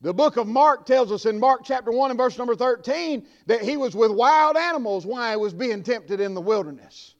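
A man preaching a sermon, swinging from hushed asides to shouted peaks. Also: very high-pitched, expressive, a little fast, hardly any pauses. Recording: dull lo-fi recording.

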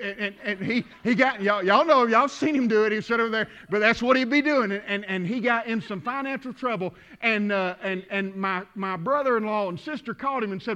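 A man preaching a sermon, telling folksy stories that build to shouting. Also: high voice, quick pace, few pauses, highs cut off. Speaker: pastor.

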